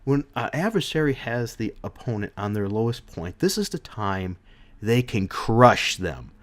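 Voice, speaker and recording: A man's voice: fairly low pitch, very animated, a little slow. A man giving a casual, rambling comic book review with frequent restarts.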